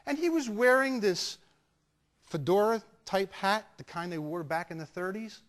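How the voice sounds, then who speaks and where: Animated male sales trainer, high voice, swinging pitch, telling a story. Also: moderate pace. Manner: animated storyteller, acting out dialogue. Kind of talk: storytelling talk.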